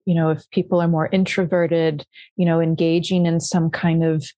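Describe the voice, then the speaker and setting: A woman with a lowish, mellow voice, reflecting slowly on mythic images in a casual conversation. She talks in a halting way, restarting her sentences as she gathers her thoughts. The recording is close and dry. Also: little pitch movement, no room sound. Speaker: astrology podcast co-host.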